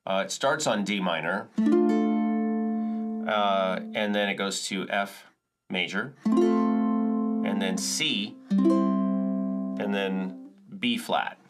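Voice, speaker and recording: A man's voice: lowish voice, very slow, long pauses, loud music behind the voice. A man teaching percussion and chords in a casual, self-correcting way, explaining step by step. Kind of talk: relaxed music lesson walkthrough.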